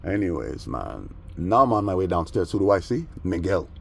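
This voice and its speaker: A man's voice: sits low, big pitch swings, moderate pace, gravelly. A man rambling through a story in casual street slang, aggrieved and agitated. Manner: streetwise, peppered with "man" and "bro". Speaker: vlogger.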